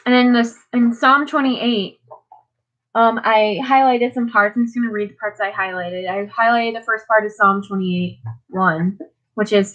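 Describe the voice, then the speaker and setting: A woman's voice: on the high side, fairly even intonation, unhurried, a bit bright. A tired teenage girl on a live stream, reading Bible passages and chatting about them casually, full of "like"s and restarts. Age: teens. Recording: dull lo-fi audio.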